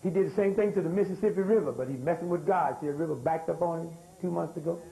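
A man's voice: a little high, fast, gravelly, dark tone, low-quality recording. An older man, lecturing a live audience, throwing rhetorical questions and asking for responses. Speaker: speaker.

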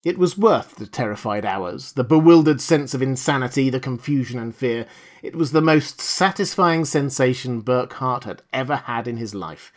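A man reading a science fiction story aloud as an audiobook narrator, measured and dramatic. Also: medium pitch, expressive. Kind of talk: scripted narration.

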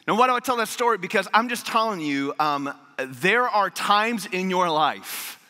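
A man's voice: high-pitched, moderate pace, hardly any pauses, in a large hall. A man in his thirties, a pastor telling a funny story in a sermon, acting out what people said. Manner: animated, humorous storytelling with acted-out quotes. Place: church auditorium.

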